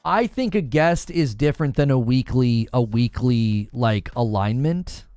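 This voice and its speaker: A man hosting a gaming news stream, chatting casually with viewers and reading their comments, animated and quick to laugh. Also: mid-range voice, clear, resonant tone, dry recording, faint music behind. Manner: animated, laughs often, thinks aloud with restarts. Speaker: host of a gaming news show.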